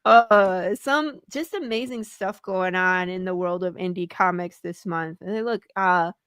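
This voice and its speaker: A woman's voice: lowish voice, a little slow, a bit bright, smooth, no room sound, clean studio sound. A woman hosting a casual chat show, bubbly and teasing, laughing often. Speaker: podcast host.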